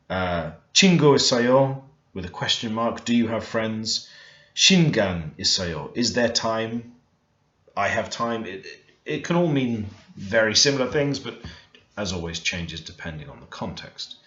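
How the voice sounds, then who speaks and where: A man teaching beginner vocabulary in a relaxed, thinking-aloud way, often stopping to correct himself. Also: fairly low pitch. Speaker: language learner teaching Korean. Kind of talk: screen-recorded language lesson. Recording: roomy, dull lo-fi screen recording.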